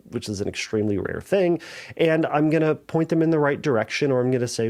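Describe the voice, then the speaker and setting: A man's voice: medium pitch, fairly quick, darkish tone. Earnest male therapist hosting a podcast. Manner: earnest, reassuring, thinks aloud with restarts. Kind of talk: solo podcast advice talk.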